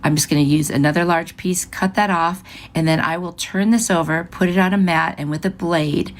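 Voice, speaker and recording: Walking through a project step by step, this craft channel host keeps things casual and cheerful. She has a deep voice, and there's a little hiss or hum on the recording.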